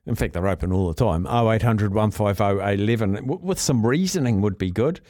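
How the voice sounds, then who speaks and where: Laid-back New Zealand radio host. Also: male voice, lowish voice, animated, fairly quick, a little mellow, no room sound, clean studio sound. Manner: laid-back, chatty, jokey, reads out text entries. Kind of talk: casual sports talkback. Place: radio studio.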